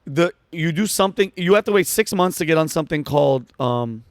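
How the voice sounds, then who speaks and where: Male comic, fast animated storyteller, raised voice, dry close mic. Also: fairly high pitch, dry recording. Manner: fast, excitable, acts out quotes with shouts. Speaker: comedian guest.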